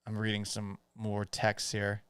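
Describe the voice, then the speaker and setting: A man's voice: lowish voice, completely flat delivery, a little slow, fairly bright tone, clear, resonant tone, no echo. A man from Boston hosting a live stream in his home office, reading viewer comments and joking with them in a casual, profane way. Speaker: podcast host.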